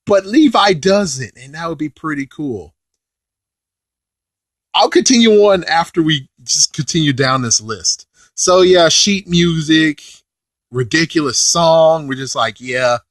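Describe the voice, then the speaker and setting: A man giving a casual, rambling review of a show, excitable, with mild swearing and filler phrases. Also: fairly high pitch, unhurried, dry recording, clean studio sound. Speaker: video reviewer.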